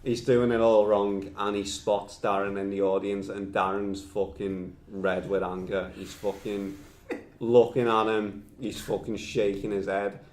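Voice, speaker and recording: A man's voice: lowish voice, level tone, unhurried, a little mellow, reverberant. Rambling, sweary man telling a story. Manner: rambling, sweary, full of fillers. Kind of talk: comedic storytelling podcast.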